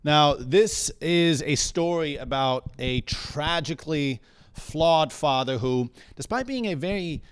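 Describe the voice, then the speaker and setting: A man's voice: a little high, lively intonation, slow, smooth, no room sound. A young man performing a stand-up comedy set on a comedy bar stage. He talks conversationally and keeps checking in with the crowd.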